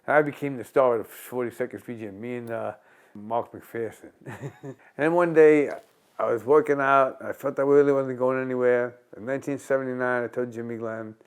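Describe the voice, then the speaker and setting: A man's voice: medium pitch, moderate pace, clean tone. A man, a former boxer animatedly telling stories in an interview, often restarting phrases. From Long Island, New York. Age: 60s. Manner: animated, acts out quotes in a raised voice, repeats and restarts. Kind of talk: conversational storytelling.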